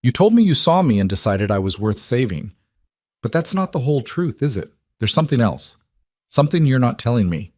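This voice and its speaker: Guy doing a young woman grilling someone, higher voice, dry sound. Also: sing-song, brisk, no room sound. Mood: demanding. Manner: demanding, sharp questions. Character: frightened, angry young woman confronting a liar.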